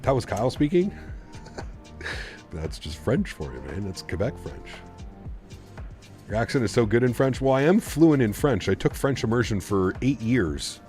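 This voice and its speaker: A man's voice: medium pitch, sing-song, unhurried, long pauses, a little mellow, soft background music. A man chatting casually on a live stream, rambling and reading viewer messages aloud. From Canada. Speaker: flight sim streamer.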